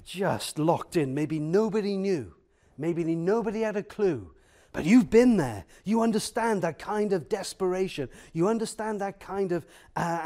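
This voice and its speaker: Man, sermon, high voice, slow unhurried delivery, earnest and emphatic, lots of pauses and ums. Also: darkish tone. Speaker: preacher.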